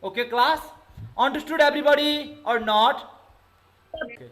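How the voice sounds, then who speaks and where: A man's voice: extremely high pitch, moderate pace, pushed and bright, rough recording. A male English teacher with a Nepali accent, giving an online lesson and calling on the class over and over. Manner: repetitive, keeps calling on the class with okay and everybody.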